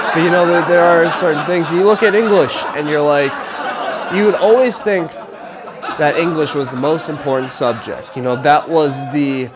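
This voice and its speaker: A man's voice: a little high, very noisy. A young man in college, hosting a live show with a rambling, jokey monologue, laughing through his lines. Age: young adult. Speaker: host. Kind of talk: stand-up style monologue to a live audience. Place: live show before an audience.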